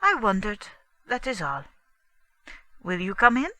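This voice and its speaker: A woman's voice: mid-range voice, huge pitch swings, unhurried, bright, forceful tone, dry recording, heavily acted. A woman voicing a fussy middle-aged male Belgian detective who asks precise, probing questions. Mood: inquisitive.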